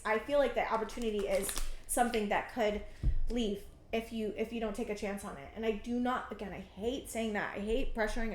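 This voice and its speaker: A woman's voice: on the high side, reverberant, slight background noise. A woman in her thirties giving an earnest, emphatic pick-a-card tarot reading, often restarting her sentences. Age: 30s. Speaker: tarot reader.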